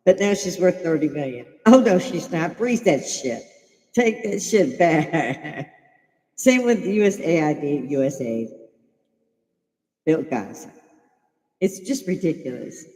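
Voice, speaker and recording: An older woman from Chicago hosts a laid-back livestream in a low, slightly mellow, sing-song voice, going slowly with long pauses. The recording is low quality with a big-room sound. She's blunt, profane, opinionated, and laughs often.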